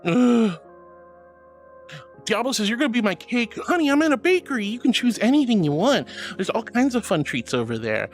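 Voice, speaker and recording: A woman's voice: on the high side, very animated, normal speed, faint music behind. A woman streamer chatting casually with her viewers, playful and melodramatic, with frequent giggles. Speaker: VTuber streamer. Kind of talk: casual livestream chat reading messages.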